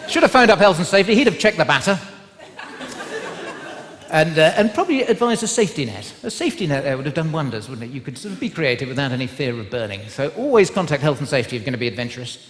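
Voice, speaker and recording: A man's voice: fairly high pitch, big pitch swings, quick pace, fairly bright tone. A man doing stand-up comedy to a live audience, chatting and teasing the crowd with tag questions. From England, West Country. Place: large live theatre with an audience. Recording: live hall recording with crowd. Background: audience laughter.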